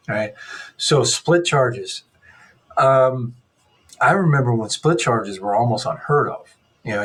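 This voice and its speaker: A man's voice: mid-range voice, husky. A middle-aged man lectures off the cuff as an instructor. He rambles and corrects himself mid-sentence, now and then slipping in a dry, sarcastic remark. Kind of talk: unscripted classroom lecture.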